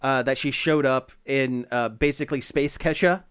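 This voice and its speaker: A man co-hosting a pop culture podcast in casual chat, animated and laughing often, with many fillers and restarts. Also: medium pitch, moderate pace, clean tone, dry recording, clean studio sound. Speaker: podcast co-host.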